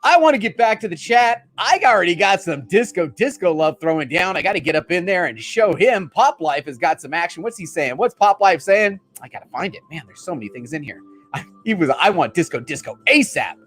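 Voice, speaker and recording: A middle-aged man hosting a casual live stream, excitedly shouting out viewers in the chat. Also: high voice, brisk, soft background music. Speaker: livestream host.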